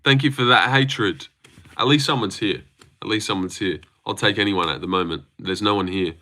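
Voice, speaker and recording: A man's voice: on the low side, moderate pace, bright, forceful tone. A young man hosting a casual livestream, teasing his chat with self-mocking banter. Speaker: livestream host.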